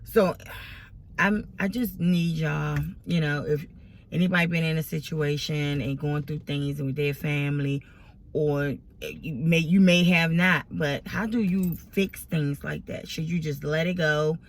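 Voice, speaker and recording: A woman's voice: sits low, fairly even intonation, a little slow. A grown woman vlogging to her followers, venting about family drama in an exasperated, rambling way, close to tears. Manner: tearful, exasperated, rambling with many restarts. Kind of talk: emotional personal venting to camera.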